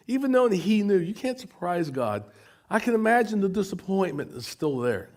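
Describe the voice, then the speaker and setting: A man's voice: high-pitched, sing-song, normal speed, darkish tone. A middle-aged American man preaching a sermon, often stumbling and repeating words as he goes. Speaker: pastor.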